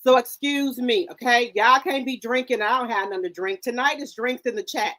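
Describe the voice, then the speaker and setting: A woman's voice: a little high, a little fast, pushed and bright. A woman hosting a casual livestream, chatting straight to her viewers in the chat. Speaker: livestream host. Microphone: headset or desk microphone.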